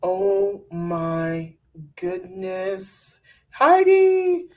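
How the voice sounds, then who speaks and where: A woman's voice: medium pitch, sing-song, extremely slow, dark tone, soft background music. A woman co-hosting a casual reality TV recap, ranting bluntly and in exasperation, and putting on mock voices for the people she talks about. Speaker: co-host of a reality TV recap show. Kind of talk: casual chat.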